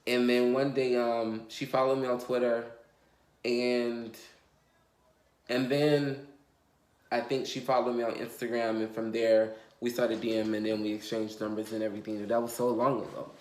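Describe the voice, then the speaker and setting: Guy telling his storytime vlog, all over the place and cussing, mid pitch, kinda echoey room. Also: level tone, moderate pace, a little mellow. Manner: rambling and emotional, heavy on fillers and swearing. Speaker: vlogger. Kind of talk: confessional storytime. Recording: roomy echo.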